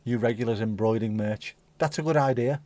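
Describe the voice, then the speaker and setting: A man's voice: mid-range voice, fairly quick, a little mellow, no room sound. A man hosting a livestream, chatting casually and swearing as he reads out and banters with viewer comments. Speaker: livestream host. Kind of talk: casual chat reading out live chat.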